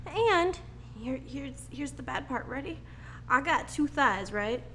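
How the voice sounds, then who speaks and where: A woman's voice: high voice, expressive, slow, pushed and bright, a little hiss or hum. A woman co-hosting a casual podcast, telling stories in a joking, self-mocking way and swearing casually. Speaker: podcast co-host.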